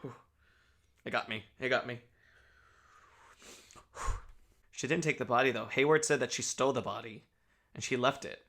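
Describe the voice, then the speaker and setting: A man's voice: mid-range voice, normal speed, pauses often, a bit bright. A man hosting a reaction video, gushing and emotional, with lots of exclamations and "like.". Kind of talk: excited reaction commentary.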